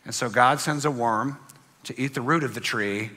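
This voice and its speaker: A man preaching a sermon, telling a story dramatically and swinging between loud bursts and hushed lines. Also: medium pitch, moderate pace. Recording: long hall reverb with faint music.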